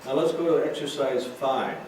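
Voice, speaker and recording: A man's voice: mid-range voice, moderate pace, a little mellow. A man teaching drum rudiments, explaining patterns and calling out stickings between demonstrations in a drum room. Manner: calls out stickings while playing. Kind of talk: recorded drum lesson, talking between demonstrations. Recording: roomy echo, far from mic, noisy.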